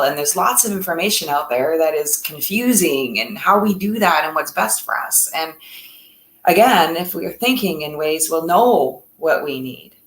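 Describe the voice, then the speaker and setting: A woman's voice: sits low, fairly bright tone, roomy sound, slight background noise, low-quality recording. A woman co-hosting a casual talk on mental health in a reflective, encouraging way. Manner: reflective, encouraging, speaks in lists. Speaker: co-host.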